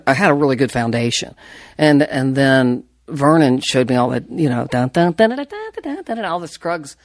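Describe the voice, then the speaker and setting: A woman banjo player telling stories in an interview, animated and laughing, rambling with restarts. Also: extremely low pitch, no room sound, clean studio sound. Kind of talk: casual storytelling.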